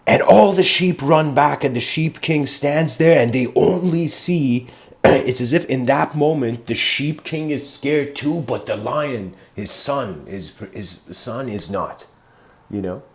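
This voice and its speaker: A man giving a meandering, livestreamed philosophical lecture, often clearing his throat as he tells a story. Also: mid-range voice, slow.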